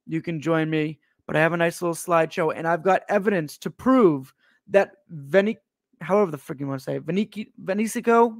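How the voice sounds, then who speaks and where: High-voiced man ranting on a stream. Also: no echo, studio quality. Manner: profane, animated ranting. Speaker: live streamer.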